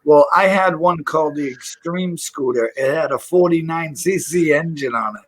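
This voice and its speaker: A man telling animated stories with lots of laughter in a casual garage chat with friends. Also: on the high side, normal speed, low-quality recording. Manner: animated storyteller, laughs and swears.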